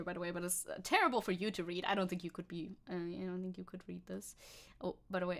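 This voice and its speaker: A woman's voice: medium pitch, fairly bright tone. A woman chatting casually on a live stream, playful and giggly, reading chat aloud.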